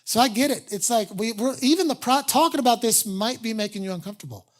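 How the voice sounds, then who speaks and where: A man's voice: extremely high pitch, quick pace. A middle-aged pastor preaching in a casual, self-deprecating way, acting out people's inner voices as he goes. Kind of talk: sermon.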